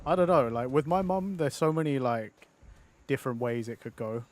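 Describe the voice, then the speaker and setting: A man in his thirties chatting loosely while he streams a game. He rambles and mocks himself, swears freely and laughs a lot. His pitch sits in an ordinary middle range. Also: lively intonation, normal speed, a little mellow, slight background noise. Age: 30s. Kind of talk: casual live-stream chat.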